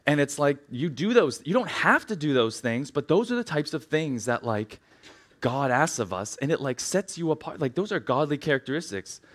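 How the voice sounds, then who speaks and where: Man, 30s, church speaker; bright tone, nervous, rambling and self-deprecating. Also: fairly high pitch, expressive, moderate pace. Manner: chatty, rambling, self-deprecating, many "like" fillers. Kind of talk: casual sermon opening. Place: church sanctuary.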